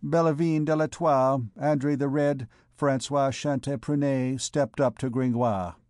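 A man narrating a classic novel as an audiobook reader, in a measured, formal storytelling manner. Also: mid-range voice, steady tone, a little mellow, no echo, clean studio sound.

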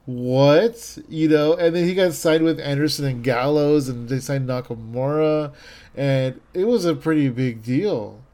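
Rambling man with a mellow voice. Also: fairly high pitch, normal speed. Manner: rambling, enthusiastic, lots of fillers and restarts. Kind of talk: casual chat.

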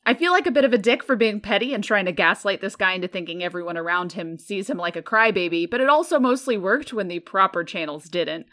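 A woman's voice: medium pitch, animated, quick pace, hardly any pauses, pushed and bright. A woman co-hosting a podcast, reading a forum post aloud with wry amusement. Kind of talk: reading aloud with casual chat.

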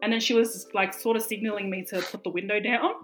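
A young woman, co-hosting a podcast and telling stories in a casual, animated way, full of fillers and swearing. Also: mid-range voice, quick pace, soft background music. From Australia. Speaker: podcast co-host. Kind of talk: casual chat.

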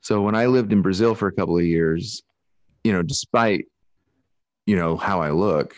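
Speaking in a deep voice at a moderate pace, this podcast host from Alaska, who has a Pacific Northwest accent, chats over a video call. He rambles, keeps restarting his sentences and laughs readily, and the recording is dry and studio-clean.

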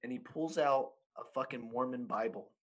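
The highs are cut off as a man in his thirties, speaking at a moderate pace in a mid-range voice, tells a story in casual conversation. It's profane and rambling, with frequent laughter and constant use of "dude."

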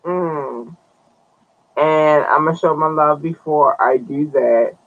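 A man's voice: fairly high pitch, takes it slowly, fairly bright tone, lo-fi sound. A man hosting a podcast, chatting loosely to his viewers, cursing and drawing out his words. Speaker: podcast host. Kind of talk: casual live-stream news commentary.

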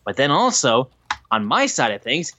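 A man co-hosting a podcast in casual chat, animated and swearing freely as he recaps shows. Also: mid-range voice, normal speed, lo-fi sound, slight background noise. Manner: animated, swearing, acts out quotes. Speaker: podcast co-host.

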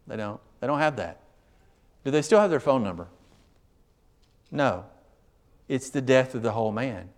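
Man preaching with a drawl. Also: a little high. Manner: conversational, swings from quiet to emphatic. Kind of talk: sermon.

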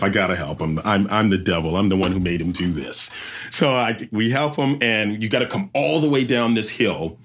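A man, an obstacle race emcee, telling an animated story and acting out the sounds and voices. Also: sits low. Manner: lively storyteller who acts out sounds and voices.

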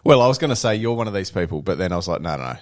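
A very deep man with a lively, swinging delivery. He chimes in with wry, teasing quips, and the recording sounds close and dry. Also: rapid-fire, no echo. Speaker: podcast co-host. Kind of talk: casual podcast chat.

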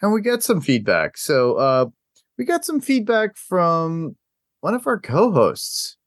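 A man hosts a podcast in casual chat, moving loosely from one segment to the next. His voice swings up and down with lively pitch, and the recording is dry and close, with no room sound. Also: slow, dry recording. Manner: loose, segue-style hosting. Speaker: podcast host.

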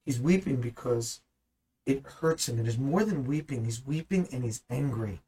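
A man's voice: medium pitch, moderate pace, mellow, slight background noise, poor audio. A man teaching the Bible in a conversational way, earnest and at times emphatic. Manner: earnest, rising to emphatic bursts.

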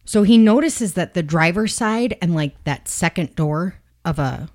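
Low-voiced woman telling a crime story. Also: measured pace. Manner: casual, animated, swears freely, acts out quotes. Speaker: podcast host.

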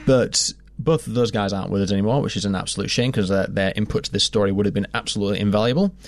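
A man hosting and narrating a documentary podcast in a measured, conversational storytelling manner. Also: on the low side, dry recording.

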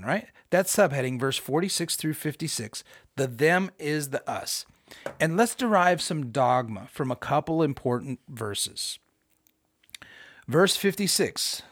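A man hosting a podcast, giving a casual, animated Bible study with emphatic, self-deprecating asides. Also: fairly high pitch, no echo, clean studio sound. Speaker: podcast host.

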